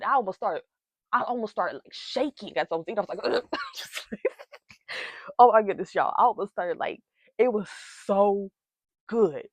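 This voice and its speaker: A woman's voice: medium pitch, dry recording. A young woman chatting casually to her viewers in a makeup vlog, hyper and giggly, rambling from one thing to the next. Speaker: beauty vlogger. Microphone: wireless receiver mic.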